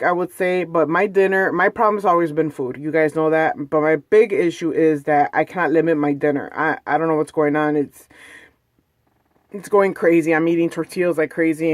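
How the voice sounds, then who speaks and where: A woman's voice: low voice, no echo, clean studio sound. Chatty woman rambling through a story. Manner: chatty and rambling, with frequent "like" and "you know". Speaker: vlogger. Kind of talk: casual personal storytelling vlog. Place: at home, indoors.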